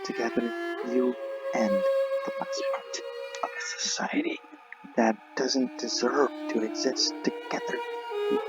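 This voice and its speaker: A man voicing a sinister male vampire interrogator, speaking slowly and theatrically, dropping to whispers and swelling again. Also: mid-range voice, muffled recording. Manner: slow, theatrical, swinging between whispers and swells. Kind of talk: reading game dialogue aloud in character.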